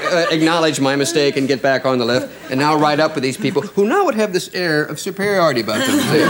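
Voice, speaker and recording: Wry American comedian, lively high voice. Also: male voice. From United States. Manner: wry, rambling anecdotes with hesitations. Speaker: comedian guest. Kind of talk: talk show storytelling. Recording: noisy broadcast with studio audience.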